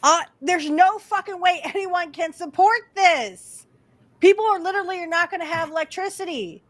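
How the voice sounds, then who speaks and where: A woman's voice: extremely high pitch, moderate pace, a bit bright. A woman co-hosting a casual panel podcast, ranting angrily with heavy profanity. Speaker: podcast co-host.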